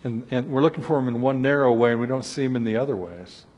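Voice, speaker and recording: Male preacher, earnest sermon delivery, husky tone, long hall reverb. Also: medium pitch, fast talker, lo-fi sound. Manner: earnest, voices scripture laments with rising intensity.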